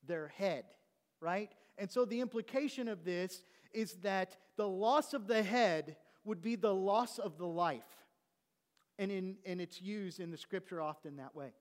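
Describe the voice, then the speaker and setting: A male pastor with a notably high voice delivers a sermon to his congregation. He teaches by asking questions and drawing out important words slowly. The sound carries a long reverb, as in a church sanctuary. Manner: stresses key words slowly.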